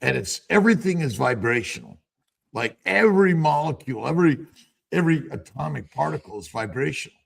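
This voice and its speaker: A man hosts a relaxed morning livestream, his husky, gravelly voice rising and falling freely. He repeats words as he gathers his thoughts, with a slightly raised pitch. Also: brisk. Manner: animated, repeats words while searching. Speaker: livestream host, doctor. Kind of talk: casual livestream chat.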